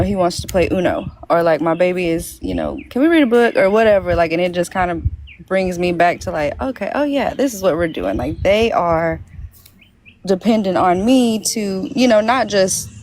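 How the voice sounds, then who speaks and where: A woman's voice: lowish voice, darkish tone, a little hiss or hum. Hesitant young woman in casual chat. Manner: hesitant, many fillers and restarts. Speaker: podcast guest. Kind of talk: casual conversation.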